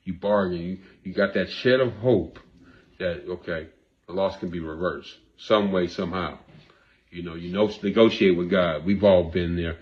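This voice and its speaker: A man's voice: low-pitched, normal speed, muffled recording. A man hosting a talk show as a therapist, talking earnestly and repeating himself like a preacher, sometimes emotional. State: emotional, grieving. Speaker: therapist host. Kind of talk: casual monologue to camera.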